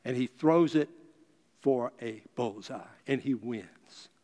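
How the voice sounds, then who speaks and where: A man telling a story to an audience in a deliberate, unhurried speech. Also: mid-range voice, mellow. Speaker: speaker. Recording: long reverb of a large hall.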